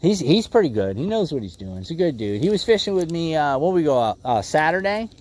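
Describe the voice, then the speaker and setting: A man's voice: fairly high pitch, big pitch swings, fairly quick, a little mellow. A man hosting a casual fishing livestream from a boat, laid-back and calling viewers "bro" and "bud.". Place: outdoors on a boat on a lake.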